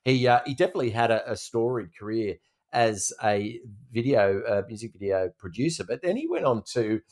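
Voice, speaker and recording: A man presenting a podcast segment in a relaxed, rambling way. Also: medium pitch, fairly quick.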